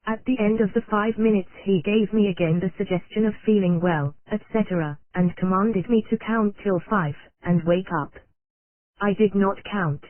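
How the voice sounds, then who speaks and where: An audiobook narrator reading an old nonfiction text in a steady, unvaried way, spelling out abbreviations letter by letter. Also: medium pitch, normal speed, dry recording. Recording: dry, tinny phone-like sound.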